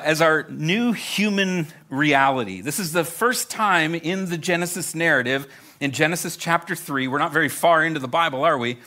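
A man preaching a sermon with a bright, ringing tone and a pitch that swings widely up and down. He speaks to a live congregation in a conversational way and often doubles words as he starts a new thought. His voice sits a little above the usual male range. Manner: addresses a live congregation directly. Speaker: pastor.

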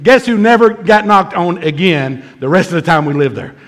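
A middle-aged man preaching a sermon, telling a comic story with animated shouts and laughs before moving into his teaching. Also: high voice, moderate pace. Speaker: pastor.

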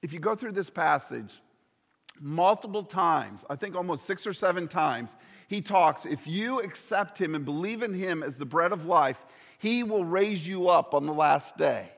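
A man's voice: on the high side, lively intonation, measured pace, creaky, fairly bright tone, in a large hall. A man preaching a sermon earnestly, sometimes dropping to a near whisper on key words. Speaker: pastor.

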